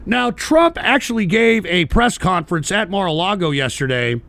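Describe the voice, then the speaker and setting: An older man hosting a political podcast, ranting angrily with heavy profanity and shouting at times. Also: high voice, lively intonation, moderate pace, vocal fry. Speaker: podcast host.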